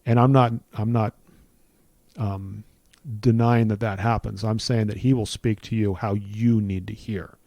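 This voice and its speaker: A man's voice: lowish voice, steady tone, measured pace, dark tone, no room sound. A middle-aged man giving an earnest personal testimony in conversation, building his points with repeated phrases like a preacher.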